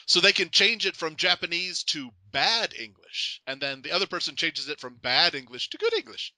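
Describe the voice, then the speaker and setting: A man's voice: on the high side, big pitch swings, normal speed, bright, forceful tone, dry recording, rough recording. A man hosting a casual podcast interview, joking around and laughing often. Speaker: podcast host.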